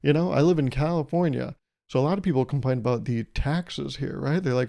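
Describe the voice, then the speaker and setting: A man's voice: fairly high pitch, brisk, vocal fry, mellow. A man hosting a solo podcast, rambling through jokey analogies and laughing at his own jokes. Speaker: podcast host. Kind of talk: solo comedic podcast monologue.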